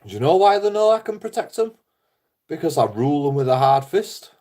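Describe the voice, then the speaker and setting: A man's voice: on the high side, sing-song, a little fast, warm tone. Blunt, swearing man, darker tone. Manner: heavy swearing, blunt, laughs often. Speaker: YouTuber. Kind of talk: casual rambling monologue.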